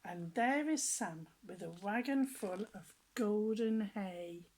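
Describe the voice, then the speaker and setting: A woman reading picture books aloud to children, gentle, with chatty asides and some lines whispered. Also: mid-range voice, takes it slowly, low-quality recording.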